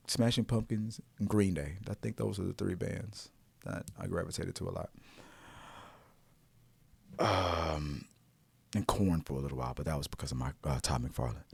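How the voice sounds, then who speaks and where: A man hosting a movie talk show, chatting casually and swinging from hushed asides to loud exclamations, often restarting his sentences. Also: deep voice, fairly even intonation, unhurried, vocal fry, long pauses, breathy edge, dry recording. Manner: frequent restarts and repeated words.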